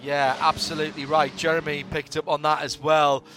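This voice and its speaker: A man's voice: a little high, little pitch movement, moderate pace, pushed and bright, a little hiss or hum. A man commentating on a race broadcast, chatting and handing off to his colleagues.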